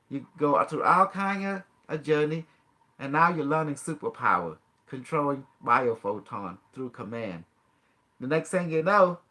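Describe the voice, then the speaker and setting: This fairly high-pitched man has a sharp tone as he teaches a guest during a casual demonstration. Guiding them one step at a time, he coaxes and instructs, laughs a lot, and speaks with broken, non-native grammar.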